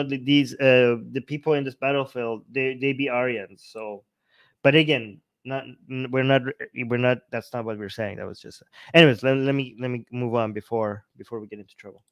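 A man giving sarcastic, animated commentary on scripture, often restarting his sentences. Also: mid-range voice. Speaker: podcast co-host.

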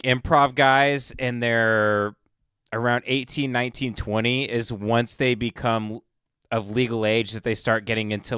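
A man's voice: medium pitch, fairly bright tone, smooth, dry recording, clean studio sound. A man hosting a live stream, mocking the people in a clip with sarcastic commentary. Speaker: stream host.

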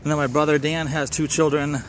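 A man's voice: on the high side, flat delivery, fairly quick, a little hiss or hum. Minnesotan man telling a rambling story. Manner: rambling, self-correcting, wry. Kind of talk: casual personal storytelling.

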